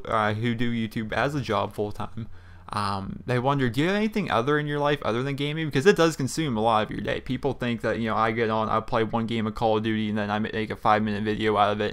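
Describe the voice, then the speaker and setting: A young man from Pennsylvania with a lowish, slightly bright voice makes gaming videos on YouTube. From a small room at home he chats loosely over gameplay, rambling with frequent fillers and restarts.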